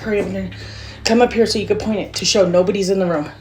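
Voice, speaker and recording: A middle-aged woman films on a handheld phone inside her house, frightened and teary-eyed. She talks in a panicky way, repeating herself as she tries to show what she hears. Her pitch sits mid-range for a woman, and music plays over the recording. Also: steady tone, quick pace, low-quality recording. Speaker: mother filming at home. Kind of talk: amateur home video. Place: house, indoors, upstairs hallway and rooms. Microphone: handheld phone camera.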